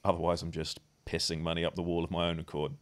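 A man's voice: sits low, completely flat delivery, quick pace. A man co-hosting a podcast, reading articles aloud with dry, wry asides in casual banter.

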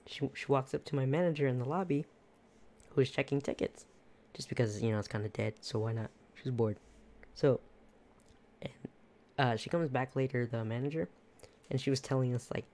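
Laid-back storyteller with a dark tone. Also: mid-range voice, steady tone, normal speed, long pauses. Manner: laid-back, rambling, often laughing. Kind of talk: casual storytelling.

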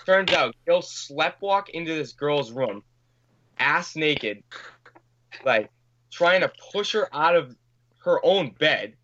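A man's voice: fairly high pitch, fairly bright tone, dull audio. A man telling a long anecdote in casual podcast chat, rambling with many fillers, swearing and acting out what people said. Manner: rambling, filler-heavy, swears, acts out quotes. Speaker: podcast guest. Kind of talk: casual storytelling.

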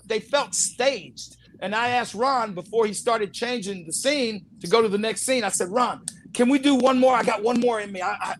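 A man telling animated anecdotes as an interview guest, acting out quotes and laughing often. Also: high voice, a little hiss or hum. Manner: lively storyteller, acts out quotes, laughs often. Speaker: actor guest telling stories.

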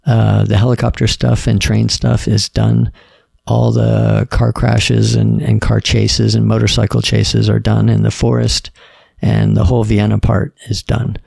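A middle-aged man, a podcast guest, telling stories in a relaxed, casual way and quoting other people's lines. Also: on the low side, unhurried, vocal fry, no room sound, studio quality. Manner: laid-back storyteller, quotes others in dialogue. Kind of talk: casual storytelling.

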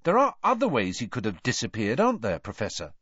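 A man voicing a quick, clever teenage schoolgirl witch with a brisk, eager manner. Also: medium pitch, wildly swooping pitch, a bit bright, husky, no echo, muffled recording, exaggerated voice.

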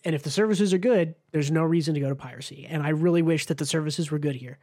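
Man, podcast host, higher-pitched, loose chatty delivery with frequent fillers. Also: fast, darkish tone. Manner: chatty, many ums and restarts. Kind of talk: casual podcast chat.

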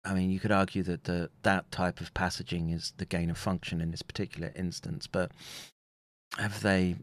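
A man's voice: low-pitched, little pitch movement, normal speed, no room sound. An English man hosting a casual livestream, rambling, chuckling between remarks and reading viewer comments aloud. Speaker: livestream host reading chat.

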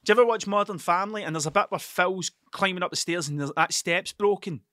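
A man rambles through a solo podcast monologue, peppering every sentence with swearing and doubling back mid-thought. His voice sits a touch high and comes across bright and forceful, recorded dry and close with no room sound. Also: fast talker, no echo. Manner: swears constantly, restarts and digresses. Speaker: podcast host.

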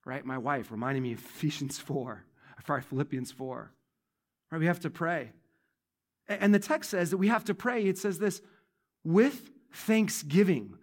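A male pastor with a voice on the high side preaches at normal speed in a church. He keeps it conversational, repeating central phrases and shifting from loud stresses to soft asides.

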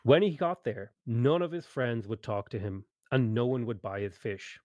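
A man narrating a tabletop game story over an online voice call, reading steadily and now and then clearing his throat. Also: mid-range voice, lively intonation, moderate pace, warm tone, no room sound, dull audio.

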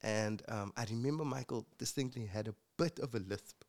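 This man from South Africa has a medium-pitched, darkish voice and a moderate pace. A guest who will later co-host, he recounts his life in a casual interview, reflective and earnest, filling his speech with lots of fillers.

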